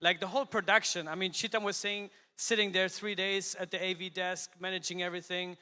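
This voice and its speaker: A man's voice: high voice, little pitch movement, brisk, sharp tone, clean tone. A man giving casual closing thanks to a conference crowd and hyping them up. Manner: casual, hype-building with the crowd. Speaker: conference organizer on stage. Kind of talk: closing remarks to an audience. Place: large conference hall. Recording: hall reverb over a stage PA.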